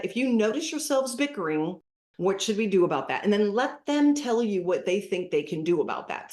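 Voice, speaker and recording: A middle-aged woman giving parenting advice as a podcast guest, lively and acting out what to say to kids. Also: on the low side. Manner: animated, acts out dialogue with kids as examples. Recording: roomy echoey room.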